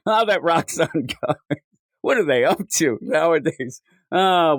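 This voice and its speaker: A man's voice: mid-range voice, no room sound, clean studio sound. A man hosting a comics podcast, riffing jokily and putting on silly voices. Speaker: podcast host. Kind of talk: casual comedic chat.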